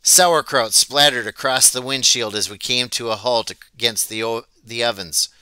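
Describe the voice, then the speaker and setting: Man reading a story aloud, bright crisp voice. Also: mid-range voice, moderate pace, no room sound. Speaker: audiobook reader. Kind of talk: storybook read-aloud narration.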